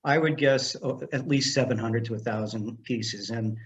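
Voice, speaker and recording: A man's voice: medium pitch, normal speed, slight background noise. An older man, a film director and screenwriter, telling stories as a guest in a casual interview and acting out the dialogue. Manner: animated storyteller who acts out dialogue.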